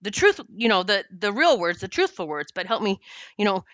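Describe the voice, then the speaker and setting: A woman podcast host telling a personal story in an emotional, animated way. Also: mid-range voice, normal speed, no echo, lo-fi sound.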